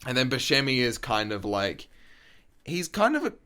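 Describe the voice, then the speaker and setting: A man's voice: medium pitch, sing-song, moderate pace, pushed and bright. A man co-hosting a podcast, chatting casually about a film in a loose, swearing way, full of restarts and laughs. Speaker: podcast co-host. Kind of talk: casual film discussion chat.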